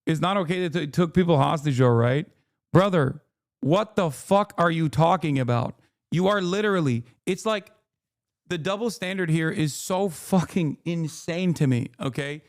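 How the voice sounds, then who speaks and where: A livestream host, this man has a slightly high voice and a moderate pace, recorded dry with clean studio sound. Losing his voice, he delivers heated, profane, exasperated reaction commentary into a desk mic.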